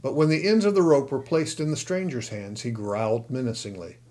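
A man narrating an audiobook in a steady, expressive storytelling manner. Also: mid-range voice, brisk. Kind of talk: scripted narration.

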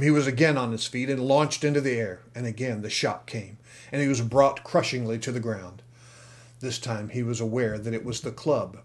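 A man narrating an audiobook in a mid-pitched voice. His reading is dramatic, and it swells in volume during the fight scenes. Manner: dramatic, louder in action scenes.

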